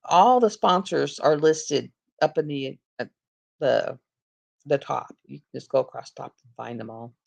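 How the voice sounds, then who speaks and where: Dull, lo-fi stream audio carries the low, darkish voice of a woman with vocal fry. She hosts a casual livestream, chatting away, telling stories and laughing a lot.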